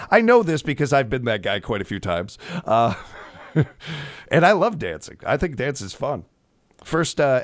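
Male radio host for a morning show, folksy and rambling, mid-pitched, very dry close studio mic. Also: no echo. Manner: chatty, folksy, rambling with asides. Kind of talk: casual radio chat. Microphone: studio microphone.

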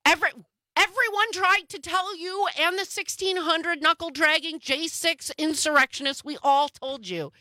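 Bright, sarcastic woman co-host. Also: very high voice, no room sound. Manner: sarcastic, quick asides. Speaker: talk show co-host. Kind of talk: casual political chat.

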